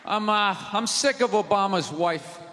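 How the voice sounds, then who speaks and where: A man doing a stand-up routine in a large theater, ranting loudly and mocking people in put-on voices. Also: high-pitched, a little slow. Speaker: stand-up comedian. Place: large theater with live audience. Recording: live theater recording, hall reverb, audience noise. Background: audience laughter and crowd.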